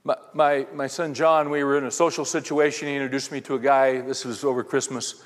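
A man's voice: medium pitch, little pitch movement, a little fast. A middle-aged man speaking to a men's audience, telling rambling anecdotes in a conversational sermon and throwing rhetorical questions at the crowd. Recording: reverberant hall.

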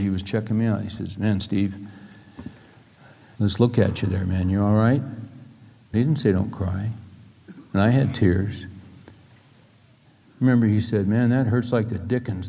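Man preaching in a reverberant hall. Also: mid-range voice. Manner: emphatic, rising and dropping between loud points and quiet stories. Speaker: pastor. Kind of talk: sermon to a live audience. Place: large room with an audience.

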